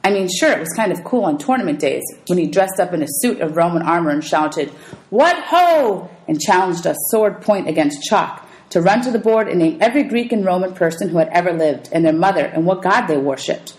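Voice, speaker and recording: A woman teacher reads a children's novel aloud to her class, in a somewhat low voice. She lifts her pitch for each character's lines and pauses now and then to announce the page number. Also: expressive, poor audio. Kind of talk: reading a novel aloud to students.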